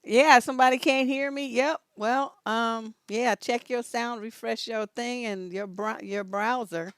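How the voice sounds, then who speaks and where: A woman relationship coach hosting a casual live stream, telling stories in an animated way and laughing often. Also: on the high side, a little slow, clear, resonant tone, no echo, clean studio sound. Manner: animated storytelling, laughs often, rises to loud peaks.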